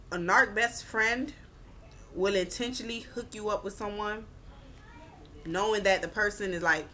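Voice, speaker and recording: A woman's voice: on the low side, slight background noise. A woman vlogger giving blunt relationship advice in a casual rant, swearing and repeating her points for emphasis. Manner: animated, acts out quoted people.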